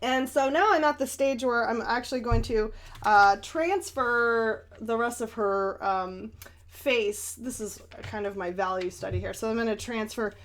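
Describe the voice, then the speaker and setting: A woman's voice: a little high, a little slow. A young American woman chatting casually as she paints and answers viewer questions, rambling with lots of ums and little laughs. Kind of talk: casual paint-along chat.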